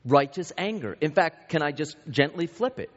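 A man's voice: on the high side, lively intonation, moderate pace. A pastor in his thirties or forties preaching a sermon in a conversational way, telling anecdotes about his own family. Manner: conversational, with self-deprecating family anecdotes and many restarts. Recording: reverberant hall, dull lo-fi sound.

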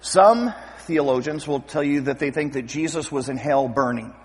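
A man preaching a sermon as pastor, lively and acting out scripture scenes with voices. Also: mid-range voice, moderate pace, breathy edge. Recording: long hall reverb.

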